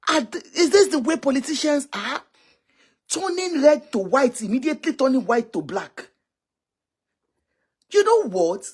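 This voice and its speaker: A woman's voice: high voice, lively intonation, normal speed, a little mellow. A Nigerian woman giving exclamatory, scolding political commentary on a live stream. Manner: scolding, exclamatory, switching languages.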